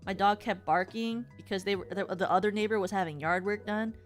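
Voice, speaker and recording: A woman's voice: medium pitch, fairly quick, faint music behind. A woman streamer chatting casually to her viewers in a rambling way, with many filler words.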